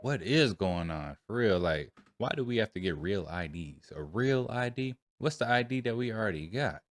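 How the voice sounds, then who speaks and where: Male host, deep voice, relaxed slangy reaction commentary. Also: normal speed, slight background noise. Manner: laid-back, slangy commentary. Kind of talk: casual reaction chat.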